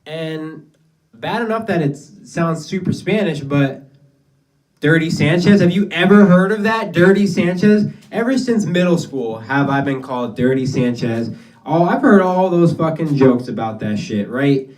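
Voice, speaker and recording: A young man does his first stand-up set in a small basement venue, telling rambling, profane stories casually. His voice is a little high, a little slow and a little mellow, picked up by a distant mic.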